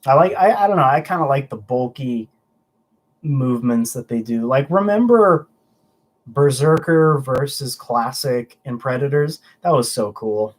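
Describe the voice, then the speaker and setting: A man's voice: mid-range voice, lively intonation, unhurried. A young man hosting a casual livestream, chatting loosely and answering viewer comments with frequent restarts. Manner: rambling, chatty, stumbling restarts. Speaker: livestream host.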